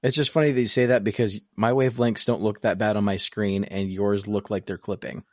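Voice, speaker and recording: A man's voice: on the low side, steady tone, brisk, no echo, studio quality. A man co-hosting a podcast in casual chat, joking and teasing over a remote call setup. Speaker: podcast co-host.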